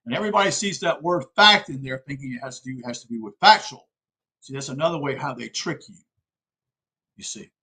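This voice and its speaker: Talking a little fast, a South Carolina man with a sharp, breathy, medium-pitched voice gives an earnest, informal lecture. He often checks in with his audience, calls them "folks," and says "okay?" a lot. The recording is rough.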